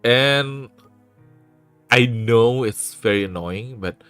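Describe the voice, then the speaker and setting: A man's voice: medium pitch, takes it slowly, fairly bright tone, clear, resonant tone, no echo, faint music behind. A man with an Indonesian accent chatting casually on a stream, earnest and repeating phrases for emphasis, on a desk microphone.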